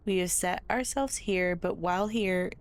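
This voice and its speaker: A woman's voice: on the low side, measured pace, lightly acted. Woman reading as a weary leader pleading for help. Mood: grave. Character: weary leader of travelers trapped in haunted lands. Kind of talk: reading game dialogue aloud.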